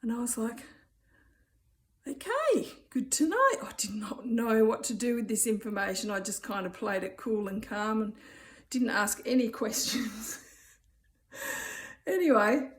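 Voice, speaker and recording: A woman's voice: on the high side, unhurried. A woman in her fifties with an Australian accent tells a story in a casual, chatty vlog, rambling with many "um"s and "anyway"s. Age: 50s. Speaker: vlogger.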